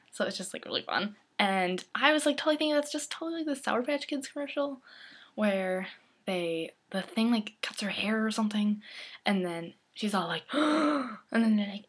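A woman's voice: fairly high pitch, animated, fairly quick, husky. A teenage girl vlogging casually to her camera, rambling and giggly, often dropping into a whisper. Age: teens.

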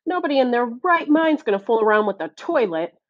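An irritable bald foreman grumbles and huffs through his complaints in rough, indignant speech, voiced by a woman reading aloud. The recording is dry and a little muffled. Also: medium pitch, sing-song, a little slow, no room sound. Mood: grumbling. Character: gruff bald male construction foreman, irritable. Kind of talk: audiobook character voice.

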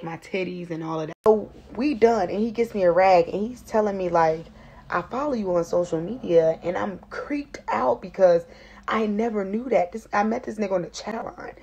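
A young woman telling a comedic storytime in a brash, profane, animated way, acting out the voices of the people in her story. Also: medium pitch, slightly rough.

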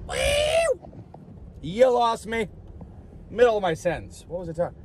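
A man's voice: high voice, expressive, fairly quick, darkish tone, slight background noise. Rambling jokey man outdoors. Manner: rambling, jokey, puts on silly voices. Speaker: vlogger. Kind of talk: rambling casual vlog.

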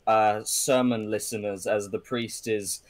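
Halting man running a tabletop game. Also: fairly low pitch, fairly even intonation, no room sound. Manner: hesitant, full of ums and restarts. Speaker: game master.

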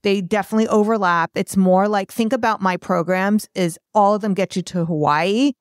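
A woman's voice: mid-range voice, dry recording, clean studio sound. A woman hosting her own podcast, a chatty and self-deprecating art business coach talking solo.

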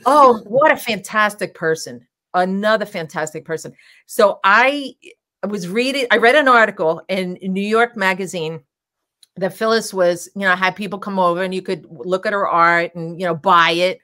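This drag king performer, guest on a relaxed interview, speaks at a normal pace in a mid-range voice that's bright and forceful. Her stories wander, lean heavily on filler words, and keep breaking into laughter.

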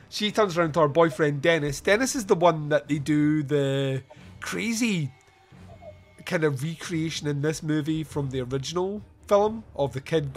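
Laughing, animated podcast host man. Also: a little high. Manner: animated retelling with quick put-on character voices and frequent laughter. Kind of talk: casual film review chat.

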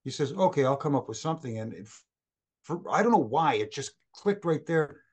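Middle-aged male guest, storyteller energy, does quick voices for the people in his stories. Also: fairly high pitch. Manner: animated anecdotes, acts out quoted voices. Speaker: former wrestling referee, guest. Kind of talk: storytelling in a casual interview.

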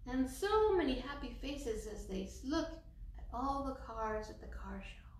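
A woman children's librarian reads a picture book aloud, encouraging her young listeners and dropping in Spanish words. Her voice sits high and swings widely, and she takes her time. She sounds set back from the mic in a roomy, echoing space. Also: lively intonation, normal speed, distant mic, a little hiss or hum. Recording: echoey room, voice from off-mic.

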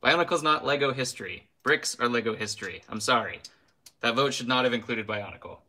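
A man's voice: mid-range voice, a little fast, bright, forceful tone. A young man hosting a casual live stream, ranting with heat, then apologizing with a laugh and reading out viewer names. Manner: reads viewer names aloud.

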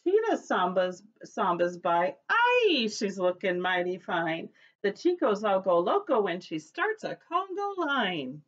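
A woman's voice: mid-range voice, huge pitch swings, slow, few pauses, fairly bright tone, muffled recording. Preschool teacher lady reading a picture book to little kids, singsongy, swoops up and down a lot. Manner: cheerful sing-song teacher voice, leads call-and-response chants. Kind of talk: reading a picture book aloud to young children.

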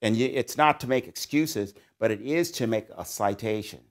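A man's voice: mid-range voice, moderate pace. A middle-aged man, a psychology professor, giving a recorded lecture to doctoral students in a conversational, musing way, with swings of emphasis.

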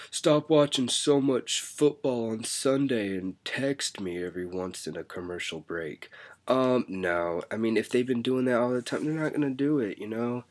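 A man giving blunt, exasperated dating advice in a casual vlog. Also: mid-range voice. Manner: blunt, exasperated, mocks clingy talk. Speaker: vlogger.

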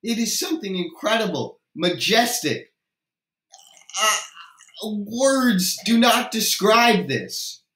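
High, bright-voiced man ranting in disbelief. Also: big pitch swings, slow. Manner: incredulous, exasperated, swearing and dramatic. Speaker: video creator. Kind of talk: ranting game commentary. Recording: roomy echo.

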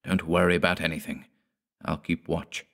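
A man's voice: low voice, flat delivery, moderate pace, fairly bright tone. A man voicing a stern, commanding grown son in an audiobook, firm and gloomy. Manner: firm, brooks no argument.

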